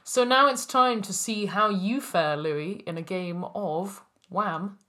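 A woman's voice: mid-range voice, slow pace, sharp tone. Giggly woman podcast co-host. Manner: giggly, chatty, laughs often. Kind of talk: casual chat with improvised slam poetry.

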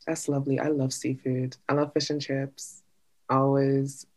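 A young adult student studying abroad in casual chat, bubbly and enthusiastic with quick laughs. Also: medium pitch, little pitch movement, a little mellow.

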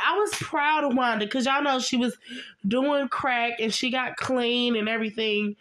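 Young woman gossiping thru a tv recap, kinda high voice, talks right at her viewers. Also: fairly even intonation, moderate pace, fairly bright tone, a little hiss or hum. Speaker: vlogger. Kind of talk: casual TV recap.

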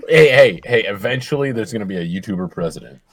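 A man's voice: fairly low pitch, expressive, fast talker, slight background noise. A man teasing his co-hosts playfully in a casual comedic chat. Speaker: podcast co-host.

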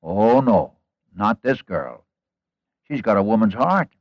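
A man's voice: lowish voice, very animated, slow, no room sound, highs cut off. A man preaching a sermon, retelling a Bible story in an earnest, folksy way with rhetorical questions and asides to the congregation.

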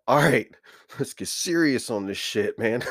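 Dude hosting a podcast, cracking up till he cries, slow lively voice, dry close sound. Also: medium pitch, dry recording. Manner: laughing uncontrollably, slangy and loose. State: laughing to tears. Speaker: podcast host. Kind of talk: casual comedy podcast.

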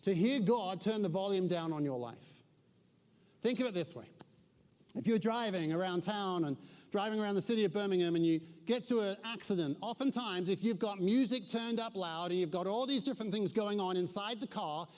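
A pastor preaching to a congregation, a man with a slightly higher voice. He tells stories and sinks to a hush at tense moments. The sound rings with a long reverb from the church hall. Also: a little fast. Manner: storytelling, dropping to a hushed voice in tense moments. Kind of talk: sermon.

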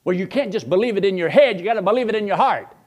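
A man preaching a storytelling sermon in a folksy, animated way, often chuckling and talking straight to the congregation. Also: sits high, racing.

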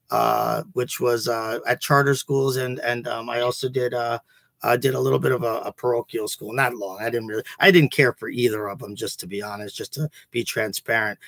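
A man's voice: mid-range voice, vocal fry, fairly bright tone, no echo. A man hosting a podcast, a teacher talking in a rambling, profane, casual way with many restarts. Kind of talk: casual chat.

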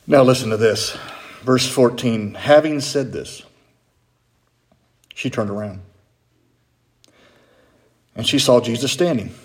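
In an echoey church room, a middle-aged pastor preaches a chatty sermon and asks his congregation questions. He speaks slowly in a mid-range voice, leaving long pauses.

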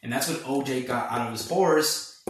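Speaking at medium pitch and a moderate pace, a male podcast host reviews a film by animatedly recounting it in a casual way. Laughter and fillers are frequent, and the recording sounds very echoey.

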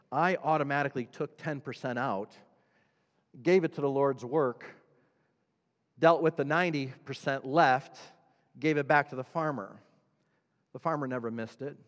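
A man preaching a sermon as a pastor, emphatic, swinging between loud declarations and hushed storytelling. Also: mid-range voice. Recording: long hall reverb.

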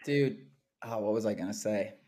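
A man's voice: on the low side, normal speed. A young man co-hosting a casual sports podcast, ranting with lots of "like" and "dude.". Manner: animated ranting, frequent "like" and "dude". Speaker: podcast co-host.

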